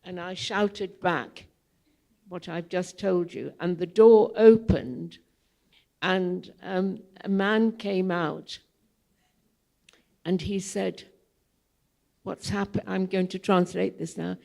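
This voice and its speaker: An older woman speaking to a theatre audience as a guest, telling long anecdotes in an unhurried, digressive way, with frequent ums. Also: fairly low pitch, steady tone, vocal fry, mellow. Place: theatre hall, public event.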